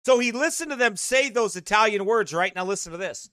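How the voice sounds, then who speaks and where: High, bright-voiced man reading aloud. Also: animated, brisk, few pauses, no room sound, studio quality. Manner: folksy asides between read passages. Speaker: broadcast teacher. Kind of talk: reading a book aloud with remarks.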